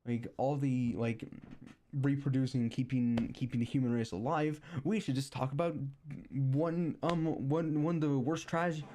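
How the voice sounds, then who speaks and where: A man's voice: mid-range voice, fairly even intonation, a little slow, mellow, a little hiss or hum. A young man streaming a rambling, sarcastic rant that is full of restarts and repeated words.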